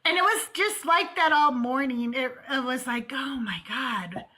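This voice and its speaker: A woman with a high, bright voice hosts a call-in show from her home. She tells a story in casual chat, acts out both sides of an argument and swears freely. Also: moderate pace. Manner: animated, profane, retells arguments in quotes. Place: home with cats playing.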